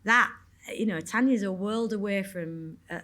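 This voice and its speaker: This Yorkshire-accented woman, an actor at a cinema event's panel, takes Q&A questions on stage with frank, rambling candor and casual swearing. She sounds unhurried, her mid-range voice carrying a fairly bright tone.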